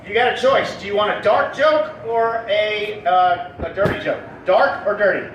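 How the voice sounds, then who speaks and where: Brash male comedian, high voice. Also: moderate pace. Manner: loud, brash, punchy delivery. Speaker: comedian and show host. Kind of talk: stand-up joke telling to a live audience. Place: outdoor festival stage. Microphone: distant camera mic. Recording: distant, echoey, noisy outdoor recording.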